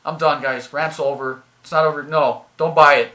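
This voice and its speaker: Brief: man, fairly high voice, venting a frustrated rant straight to viewers, cursing and circling back on his points. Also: fairly even intonation, normal speed, pushed and bright. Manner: exasperated, swearing, repeating himself. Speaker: video creator. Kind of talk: angry product rant.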